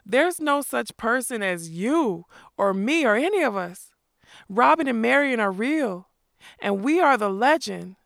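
Earnest, pleading outlaw woman voiced by a narrator, slightly gravelly, dry. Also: fairly high pitch, expressive, unhurried, fairly bright tone, no room sound, voice pushed up, full character voice. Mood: impassioned. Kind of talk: audiobook character voice.

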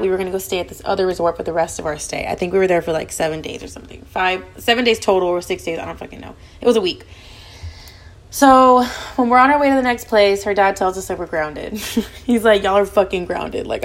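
Young female podcast host; rapid, lively, profane storytelling voice. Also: medium pitch. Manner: fast, animated, profanity-laden chatter. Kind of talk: casual storytelling.

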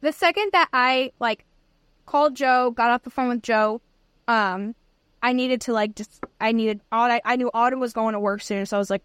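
A young woman co-hosting a podcast, telling a story in an excited, rambling way in casual chat. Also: a little high, moderate pace, clear, resonant tone, no room sound, studio quality. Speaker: podcast co-host.

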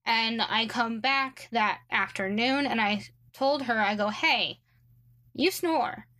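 A young woman with a slightly high voice tells a story in a loose, chatty way. She fills her sentences with likes and ums and drops in dry, sarcastic asides. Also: a little slow, bright, forceful tone. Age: young adult. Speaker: guest telling a story. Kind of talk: casual storytelling chat.

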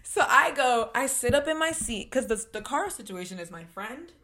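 A woman's voice: on the high side, lively intonation, normal speed. A young woman, telling a dramatic story with lots of swearing in casual podcast chat. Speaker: podcast co-host.

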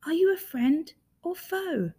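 A woman voicing Bramwell Brown, a gentle, hesitant male toy bear who speaks softly and stumbles over his words, in a storybook reading. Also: very high-pitched, big pitch swings, slow, voice pushed up, exaggerated voice.

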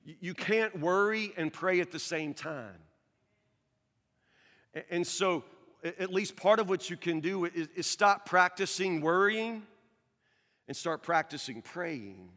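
A man's voice: fairly high pitch, expressive, measured pace. Earnest stammering male pastor in a hall. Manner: earnest, stammering restarts, swings from loud to hushed. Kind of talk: sermon.

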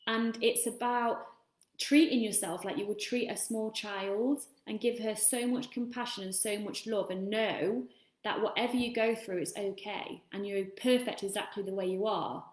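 A woman's voice: mid-range voice, fairly even intonation, normal speed. A woman, a self-love coach, giving a rambling, casual motivational talk and swearing freely. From England. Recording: echoey room.

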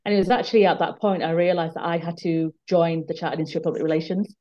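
A woman with a lowish voice tells a personal story in an earnest, emphatic way. She often repeats words when the point matters to her. The sound is a bit muffled and dull. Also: fairly even intonation, fast talker, mellow. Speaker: guest. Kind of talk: candid conversational storytelling.

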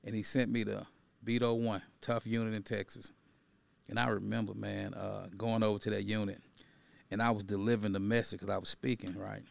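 Gravelly-voiced man telling his story. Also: on the low side, level tone, brisk. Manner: conversational, tags lines with "right?" and "you know"; builds to emphatic preaching tone. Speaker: podcast guest, activist and educator. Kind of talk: personal storytelling in conversation.

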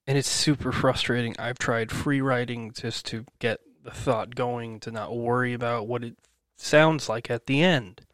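A man's voice: mid-range voice, fairly even intonation, a little slow, hardly any pauses, fairly bright tone, no echo, clean studio sound. A man hosting his own podcast, venting in a rambling, self-encouraging monologue full of swearing. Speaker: podcast host.

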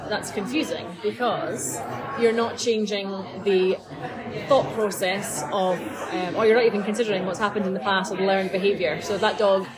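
Chatty woman over loud café crowd. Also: medium pitch, steady tone, normal speed, poor audio. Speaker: dog behaviourist, podcast co-host. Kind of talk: casual conversational discussion. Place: busy coffee shop. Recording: loud cafe crowd behind.

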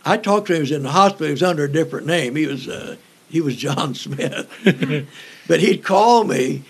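Older male evangelist, high gravelly voice, slow folksy storytelling, halting fillers. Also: lively intonation. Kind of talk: storytelling in an interview.

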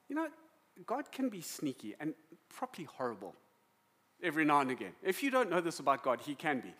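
A South African preacher telling stories with feeling and energy, a man whose voice sits a bit higher than most. He moves between lively asides and heavy, quiet passages. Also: brisk. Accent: South African English. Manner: animated, emotional storytelling. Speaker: pastor. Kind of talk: sermon.

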